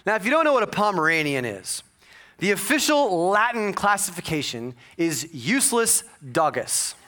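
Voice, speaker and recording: Man, pastor, sermon, high voice, swooping animated delivery, comic storytelling. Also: moderate pace. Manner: animated storytelling with jokes and sudden loud bursts.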